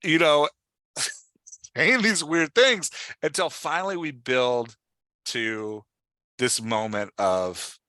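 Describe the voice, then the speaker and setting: A man hosting a podcast, explaining with excited, fast-flowing talk in a casual discussion. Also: mid-range voice, no room sound. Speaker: podcast host.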